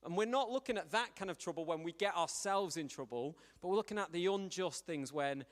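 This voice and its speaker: Male preacher, chatty storyteller, slightly high voice, long church echo. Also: a little fast. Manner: conversational, animated storytelling. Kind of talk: sermon.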